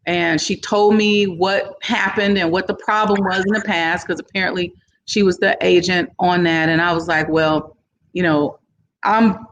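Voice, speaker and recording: A woman's voice: on the low side, normal speed, muffled recording, a little hiss or hum. A businesswoman guest in an interview, casually telling a long story and acting out what people said to her, with informal phrasing. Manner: animated, acts out other people's lines in the story. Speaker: entrepreneur guest.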